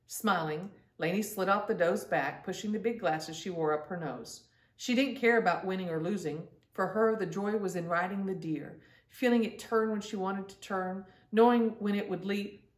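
Woman reading aloud to children, lively, gentle, mic set back in an echoey room. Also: on the low side, far from the mic. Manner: gentle, lively read-aloud with asides to listeners. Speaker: storyteller. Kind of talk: children's book read-aloud.

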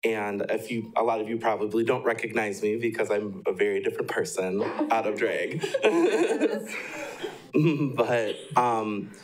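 A young man from Wisconsin giving a sincere, measured public comment at a city council meeting. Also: lowish voice, rough recording.

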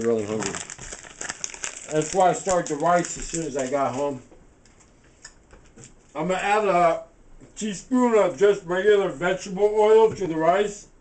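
A man's voice: a little high, a little mellow, slight background noise, rough recording. A man hosting a home cooking show, rambling casually to the camera as he cooks. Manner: loose, talks to camera with fillers like "man" and "right". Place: home kitchen.

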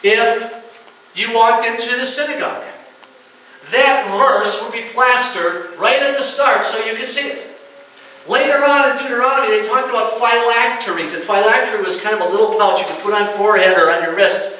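A man's voice: very high-pitched, normal speed, pushed and bright, slight background noise. A male pastor preaching a sermon to his congregation in a folksy way, often checking in with them. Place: church sanctuary. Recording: very echoey church room from far off.

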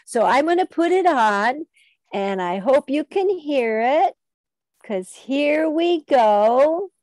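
A woman with a very high voice leads a children's music class over a video call, speaking slowly and carefully as she sings out lines for the kids to echo. The sound is dry and close, with no room around it. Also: animated, a little mellow. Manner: call-and-response, sings along. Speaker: music teacher.

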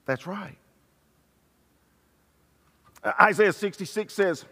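An older man preaching a sermon, swinging between loud, emphatic passages and hushed, tender ones. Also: a little high, big pitch swings, slow pace, long pauses. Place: church sanctuary. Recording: reverberant church hall.

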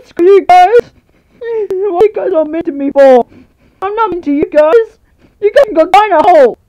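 A touchy, bullied pink unicorn with a high, whiny voice, put on by a woman. The pitch swings up and down, and the unicorn is easily hurt. It comes from a homemade toy video. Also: very animated, fast talker, warm tone, poor audio. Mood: crying, furious.

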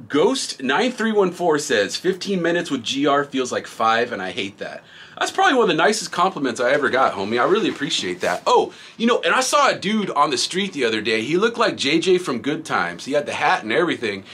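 A man's voice: medium pitch, fairly bright tone, slightly rough. A middle-aged man hosting a graffiti supply channel, reading viewer comments in a laid-back, rambling way and laughing often. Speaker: graffiti product reviewer and shop host.

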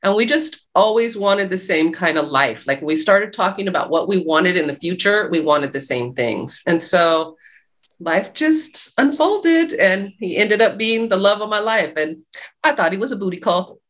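A woman's voice: mid-range voice, animated, normal speed, fairly bright tone. A middle-aged woman, a guest telling a personal story in a casual interview, acting out the dialogue as she goes. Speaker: guest, love and life coach.

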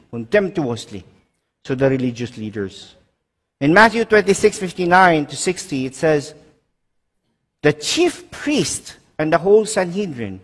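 A male pastor delivering an emphatic sermon in a slightly high voice. He swings sharply between loud declarations and quiet, low asides, and he questions his listeners directly. His voice rings out in a long hall reverb. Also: breathy edge.

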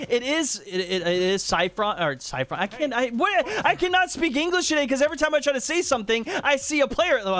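A man hosting a gaming channel, giving excitable, rambling live commentary on a match and stumbling over player names. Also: high-pitched, slight background noise.

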